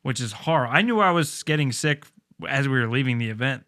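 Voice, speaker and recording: A man's voice: mid-range voice, expressive, fast, a bit bright. A man co-hosting a podcast, telling laid-back stories with plenty of swearing and laughter. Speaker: podcast co-host. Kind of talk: casual chat.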